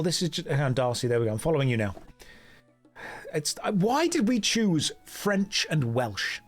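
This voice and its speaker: A man streaming a game, chatting casually, joking and reading chat aloud. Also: on the high side. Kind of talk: casual gameplay commentary.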